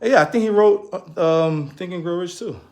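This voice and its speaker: Young New guy, high voice, animated motivational chat with plenty of laughs. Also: normal speed. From New York. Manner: animated, laughs often, slangy. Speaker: fitness coach and streamer. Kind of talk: casual motivational talk. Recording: echoey room.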